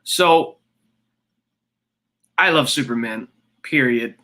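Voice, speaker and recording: A man's voice: mid-range voice, takes it slowly, pushed and bright. A young man chatting casually to his livestream viewers, rambling with many fillers. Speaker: streamer.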